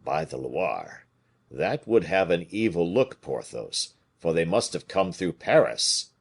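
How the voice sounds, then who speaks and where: A man reading an audiobook voices a scheming bishop who speaks in a bland, measured, quiet way. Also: sits low, sing-song, creaky, slightly rough, heavily acted. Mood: grave. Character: calm, scheming male bishop, Aramis.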